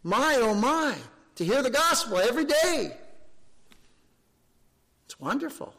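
A man's voice: extremely high pitch, very animated, a little slow, vocal fry, a bit bright. A man preaching a sermon as pastor, fervent, asking rhetorical questions and repeating words for emphasis.

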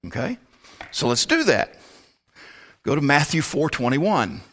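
Lively-pitched preacher teaching scripture. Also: male voice, unhurried. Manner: conversational, explains his word study step by step. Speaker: pastor. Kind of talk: Bible teaching sermon.

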